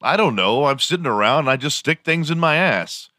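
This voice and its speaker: A man's voice: fairly high pitch, animated, a little fast, bright, forceful tone, dry recording, studio quality, pitched above the performer's own voice. A man voicing a crude young guy who makes up dumb slang, talking bluntly and matter-of-factly.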